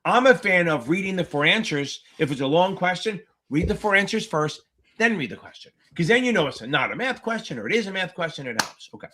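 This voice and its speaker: A man's voice: high-pitched, very animated, fairly quick, bright, forceful tone, a little hiss or hum. A man tutoring exam candidates on a livestream Q&A, speaking bluntly and with frequent swearing. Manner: blunt, profane, emphatic. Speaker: exam tutor hosting a live Q&A. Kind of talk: livestream Q&A chat.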